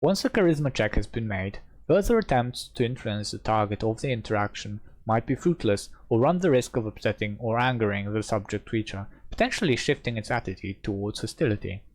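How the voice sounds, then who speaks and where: A host whose first language is Polish reads a game rulebook aloud with commentary, speaking in a lowish, expressive voice that runs a little fast with few pauses. He reads the rule text steadily, then adds loose, self-doubting asides.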